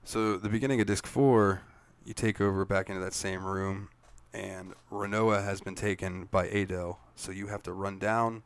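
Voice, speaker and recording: A man's voice: low-pitched, fairly even intonation, moderate pace, hardly any pauses, clean tone. A man co-hosting a gaming podcast, recapping game scenes in casual, profane chat and laughing often. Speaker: podcast co-host.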